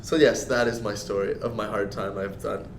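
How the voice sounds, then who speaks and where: A man's voice: lowish voice, steady tone, normal speed, very noisy. Man telling a story in short bursts. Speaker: podcast host. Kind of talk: casual storytelling.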